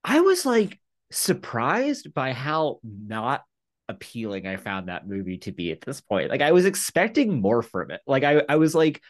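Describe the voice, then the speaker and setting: Rambling male podcast co-host, lively pitch. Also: normal speed. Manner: rambling, filler-heavy, self-interrupting. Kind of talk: casual chat.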